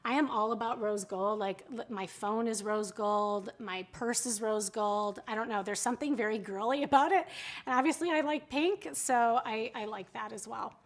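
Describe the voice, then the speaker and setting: Talking at a moderate pace in a fairly high voice, this livestream shopping host keeps her selling chat casual. She giggles a lot and frequently interrupts herself partway through sentences.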